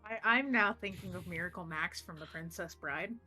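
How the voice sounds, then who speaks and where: A woman's voice: fairly low pitch, moderate pace, sharp tone, soft background music. A woman playing a tabletop game, chatting casually and bluntly. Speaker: player.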